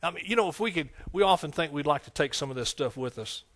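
A man's voice: on the high side, expressive, fast, a bit bright. A man preaching a folksy, conversational sermon, with frequent amens and hallelujahs. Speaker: pastor.

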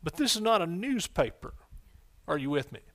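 Male pastor, fiery sermon, higher voice, exuberant outbursts. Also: sing-song, normal speed. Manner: exuberant, bursts of shouted exclamations.

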